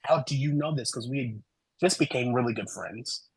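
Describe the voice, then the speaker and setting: A man guest on a podcast interview, telling his story in an animated way and acting out the dialogue he quotes. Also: medium pitch, moderate pace, slightly rough, no room sound, rough recording. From American Midwest. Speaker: guest, human design reader.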